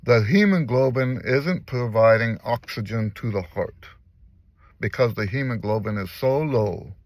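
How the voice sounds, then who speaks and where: An older man talks slowly and earnestly in a casual vlog, circling back to repeat his points. The sound is close and dry, with no room around it. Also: medium pitch, no room sound. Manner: earnest, emotional, repeats phrases for emphasis. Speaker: vlogger and musician. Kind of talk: casual personal vlog talk. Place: in a car.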